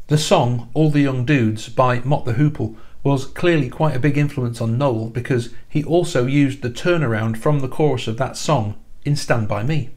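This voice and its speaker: A man's voice: mid-range voice, moderate pace, few pauses, a little mellow. A man talks through a music countdown video to camera. He sounds chatty and enthusiastic, with a fan's eagerness and the odd dry aside. His voice sits in a middle range for a man. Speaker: music YouTuber and band musician. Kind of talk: casual countdown narration to camera.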